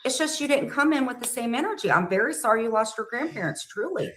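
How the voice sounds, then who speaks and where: A woman pleading through a tense live-stream argument, her pitch swinging up and down as she talks. She sits a little higher than most women and keeps calling the other person honey. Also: expressive, fast talker, a bit bright, slight background noise. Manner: pleading, calls people honey.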